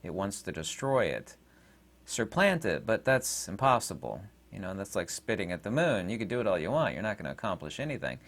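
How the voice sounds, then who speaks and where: A channel host with a lowish voice talks briskly through a rambling, digressive monologue. He is animated, wanders off topic, and fills his speech with many fillers.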